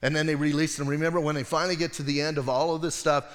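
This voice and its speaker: A man's voice: a little high, little pitch movement, very fast. A male pastor preaching a sermon in a casual, conversational way, acting out voices as he retells stories. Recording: long hall reverb.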